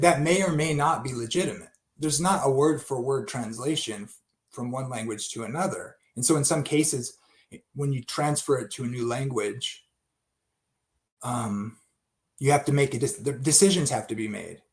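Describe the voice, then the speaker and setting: A man's voice: medium pitch, normal speed. A man giving an unscripted Bible study talk, thinking aloud with many restarts and asides.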